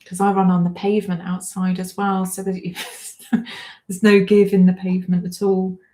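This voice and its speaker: A woman's voice: fairly low pitch, level tone, normal speed, mellow. A woman, hosting a casual livestream, reading out comments, chatting and often breaking into giggles. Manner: giggly, keeps breaking into laughter; chatty and self-deprecating. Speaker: livestream host.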